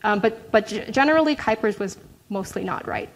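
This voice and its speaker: A woman's voice: medium pitch, animated, brisk, poor audio. A young adult woman presenting her research in an academic talk, explaining results with frequent "right?" check-ins and filler words.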